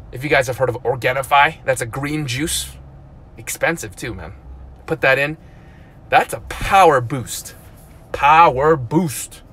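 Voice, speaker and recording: A man in his thirties talking casually on a live stream, animated and full of "dude" and "like", with loud outbursts and mumbled asides. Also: medium pitch. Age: 30s. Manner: lots of "like" and "dude", repeats himself. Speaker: vlogger.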